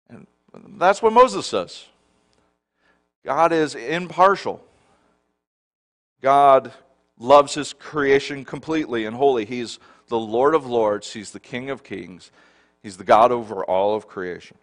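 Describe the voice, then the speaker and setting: A middle-aged man preaching a sermon from the pulpit, his voice sitting at an ordinary middle pitch. He drops low and quiet, then swells into loud, emphatic declarations. He keeps asking the congregation questions. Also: moderate pace. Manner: asks the congregation repeated rhetorical questions. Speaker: pastor.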